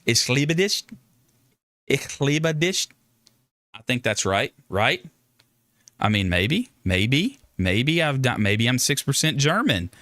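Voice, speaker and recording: A man's voice: mid-range voice, very animated, takes it slowly, sharp tone, dry recording. A man hosting a casual livestream, chatting with viewers in a rambling, joking way with frequent restarts. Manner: rambling, joking, self-interrupting. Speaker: livestream host.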